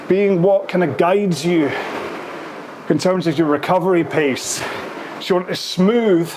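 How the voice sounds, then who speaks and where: A man leads a rowing session while he rows, out of breath as he counts strokes and cheers listeners on. His voice sits a little high. The whir of the rowing machine comes through clearly behind him. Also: noisy background. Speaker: rowing coach. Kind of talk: follow-along workout coaching.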